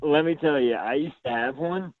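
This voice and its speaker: A man's voice: fairly high pitch, normal speed, dry recording, phone-quality sound. A man guest on a podcast, chatting enthusiastically with lots of fillers. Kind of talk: casual chat.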